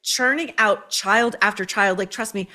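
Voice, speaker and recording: A woman's voice: mid-range voice, moderate pace, pushed and bright. Blunt, sarcastic woman podcast host. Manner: blunt, profane, sarcastic, with frequent "like" and "okay?". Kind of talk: opinionated pop-culture commentary.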